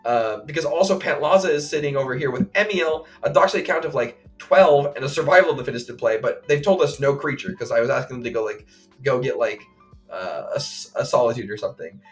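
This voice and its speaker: A man of ordinary pitch talks through a game on a casual podcast, rambling from move to move with plenty of fillers. He slips into quick acted quotes of the other players. Faint music plays behind him. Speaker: podcast co-host. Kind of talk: casual chat recounting a tournament game.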